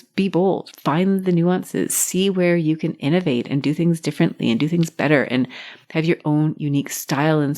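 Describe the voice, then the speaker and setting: A middle-aged woman hosting her own podcast, giving warm, encouraging advice. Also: low voice. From Canada. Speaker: podcast host. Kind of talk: solo podcast talk.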